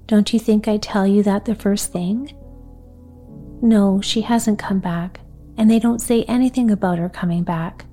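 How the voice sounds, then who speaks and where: A woman's voice: mid-range voice, steady tone, dark tone, faint music behind, close to an everyday voice. Rosie, a woman doing a coaxing little girl. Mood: eager. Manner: reasonable, coaxing, quick talk. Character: practical, coaxing neighborhood girl.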